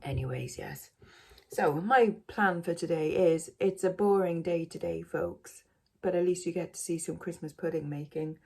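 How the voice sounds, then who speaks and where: A woman's voice: lowish voice, normal speed, vocal fry, darkish tone, slight background noise. A woman vlogging casually from home, rambling and self-mocking, with many fillers. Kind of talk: casual chat to camera.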